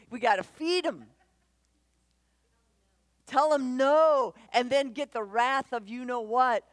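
A woman giving a conversational church talk on parenting, animated and quick to act out voices, often asking the audience questions. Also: sits high, dry recording. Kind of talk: conversational sermon.

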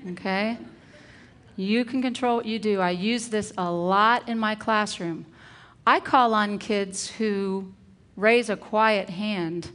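A middle-aged woman, a teacher, giving a parenting talk and acting out calm, firm example phrases. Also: medium pitch.

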